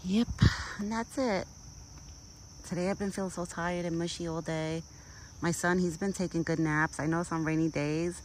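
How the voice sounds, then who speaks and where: A woman's voice: on the low side, fairly even intonation, moderate pace, slight background noise, poor audio. A young woman chatting casually outdoors as she vlogs on her phone, rambling on and cooing baby talk to a deer. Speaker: vlogger. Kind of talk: casual chat. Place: outdoors in a rural yard. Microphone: phone camera.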